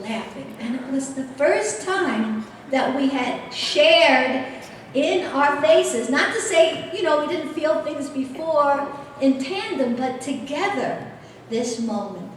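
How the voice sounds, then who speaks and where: A middle-aged woman giving a speech as a guest speaker, telling a personal story with lively, animated delivery. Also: high voice, slow, a little hiss or hum. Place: large convention hall. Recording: echoey hall heard from far off.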